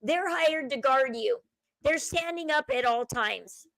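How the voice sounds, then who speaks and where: A woman talking casually as host of a commentary channel, chatty and speculative, dropping to a low murmur when she quotes people. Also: lively intonation, measured pace, creaky, a bit bright, no echo, low-quality recording. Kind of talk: casual commentary over a video clip.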